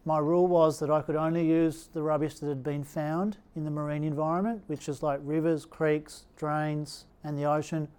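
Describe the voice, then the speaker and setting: A man's voice: fairly high pitch, normal speed, hardly any pauses, clean tone. Australian man telling his story. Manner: relaxed anecdotal storytelling with acted quotes. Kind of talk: storytelling talk.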